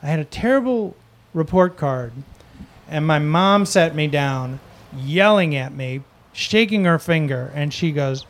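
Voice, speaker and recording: A man from Wisconsin, a podcast guest, telling rambling, animated stories in casual chat and laughing easily. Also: a little high, a little slow. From Wisconsin, USA.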